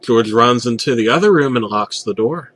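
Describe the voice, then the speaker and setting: Young guy snarking through a creepy story, bright edgy voice, swears a lot. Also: mid-range voice, lively intonation, normal speed. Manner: sarcastic, profane storytelling. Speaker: narrator. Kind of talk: comedic creepypasta narration.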